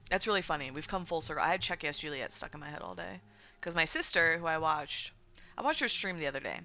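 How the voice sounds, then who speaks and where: A woman's voice: sits low, fast, pushed and bright, highs cut off, slight background noise. A woman streamer chatting casually while she games, ranting with plenty of swearing and fillers. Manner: profane, ranting, filler-heavy. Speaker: game streamer. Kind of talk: casual chat while gaming.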